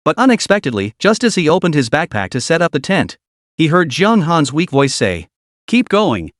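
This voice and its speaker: A man's voice: on the high side, very animated, fairly quick, a bit bright, no echo, studio quality. A man reading a story as narrator in a dramatic storytelling manner. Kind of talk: scripted narration.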